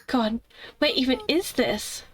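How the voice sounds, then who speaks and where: A woman's voice: sits high, slow. A woman reading the lines of a frightened schoolgirl lost in a haunted school. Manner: reads game dialogue aloud, anxious.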